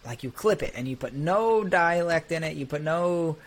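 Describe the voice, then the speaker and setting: A man's voice: a little high, lively intonation, normal speed. A young man co-hosting a podcast, telling stories in casual chat, joking and laughing often. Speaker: podcast co-host.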